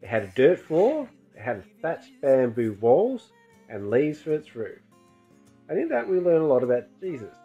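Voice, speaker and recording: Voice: medium pitch, very animated, moderate pace, warm tone. A presenter giving a short, friendly, earnest testimony to children on a church show. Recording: dull lo-fi sound with faint music.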